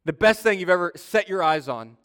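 A man's voice: high-pitched, a bit bright. Man preaching in a reverberant hall. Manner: conversational storytelling, acts out quoted voices. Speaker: pastor. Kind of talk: sermon.

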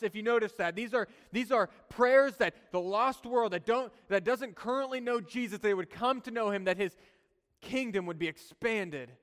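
Male preacher, higher register, casual conversational sermon delivery, long hall reverb. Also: a bit bright. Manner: conversational, chuckling asides.

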